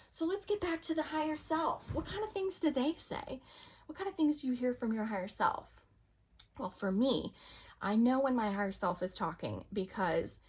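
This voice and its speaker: A fairly high-pitched woman rambles casually through a vlog on spirituality. Her delivery is animated and talkative, occasionally dropping to something close to a whisper.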